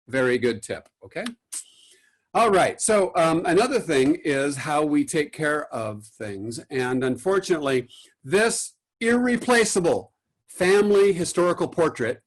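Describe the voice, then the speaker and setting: A man who works as an art conservator, giving a lecture and telling a story with many fillers and restarts, acting out what other people said. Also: a little high. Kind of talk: recorded lecture with anecdotes.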